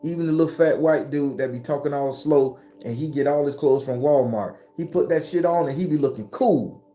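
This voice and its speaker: On his spiritual channel, a man in his forties swears casually through a motivational talk, pace a little quick. Excitement keeps pushing his voice high, and gentle music plays in the background.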